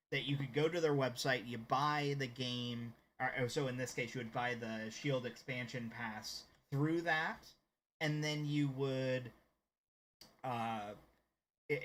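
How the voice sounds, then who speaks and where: An American man with a slight Southern accent streams games and chats casually with his viewers, rambling and hesitating along the way. His voice is medium-pitched and a bit bright, with slight background noise.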